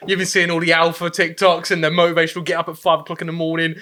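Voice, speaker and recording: A man's voice: a little high, monotone, racing, bright, forceful tone. A man chatting casually on a podcast, teasing his friends with jokes. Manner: joking, teasing banter. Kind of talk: casual chat.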